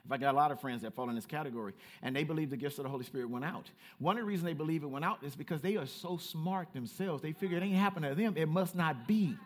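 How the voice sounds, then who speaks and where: A man with a high, light voice preaches to his congregation in an animated, playful way. He swings from quiet, reflective stretches to bright, teasing call-outs, with a Southern Black way of speaking. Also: racing, few pauses. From United States. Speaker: pastor. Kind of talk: sermon.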